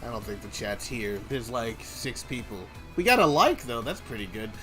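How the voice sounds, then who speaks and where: A man's voice: mid-range voice, very animated, normal speed, music in the background. A young man chatting casually on a game development stream, teasing and joking with his co-host.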